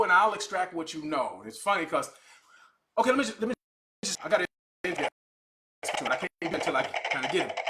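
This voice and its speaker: Excitable, shouting male live-show host. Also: on the high side. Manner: loud, excitable, shouting hype. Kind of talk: hyped live-stream talk. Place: studio.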